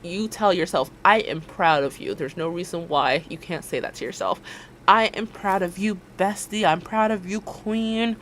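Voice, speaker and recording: A woman's voice: fairly low pitch, moderate pace, fairly bright tone, slight background noise. A woman streamer, chatting casually and encouragingly with her viewers on a livestream, laughing often.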